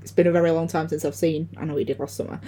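A woman's voice: racing, breathy edge. A woman co-hosting a casual podcast, talking about films and laughing often. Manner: animated, laughs often, acts out lines in shrill voices. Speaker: podcast co-host. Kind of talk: casual film chat.

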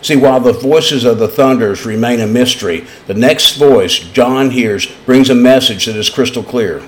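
A man's voice: medium pitch, normal speed. A man preaching a sermon in an East Tennessee accent, telling folksy stories in an earnest way. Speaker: pastor.

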